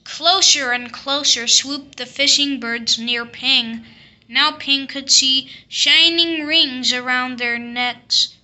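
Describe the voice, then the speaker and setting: A woman reading a classic picture book aloud, telling the story slowly and expressively. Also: high-pitched, pushed and bright. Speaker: storybook reader.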